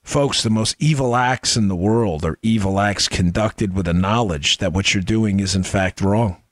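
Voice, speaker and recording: A man's voice: fairly low pitch, normal speed, dry recording. A man hosting a political talk show, delivering an impassioned monologue full of mocking rhetorical questions. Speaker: political commentary host.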